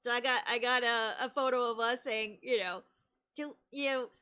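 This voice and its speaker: A woman streamer telling a story in casual chat, animated and laughing often, with sudden excited shouts. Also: a little high, moderate pace, smooth.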